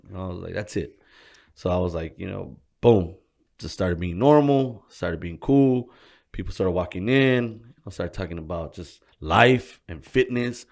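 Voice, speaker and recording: A man with a low voice and a gravelly edge to it, recounting his past in a casual interview. He talks in loose, profane street slang and gets animated as he tells it. It sounds like a relaxed sit-down conversation. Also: a little slow. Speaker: gym co-owner, interview guest.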